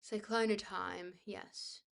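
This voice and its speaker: A woman streaming a book reading to her chat. She reads haltingly, trips over long words and breaks off into chatty asides to her viewers. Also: mid-range voice, fairly even intonation, gravelly. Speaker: livestreamer reading a book aloud.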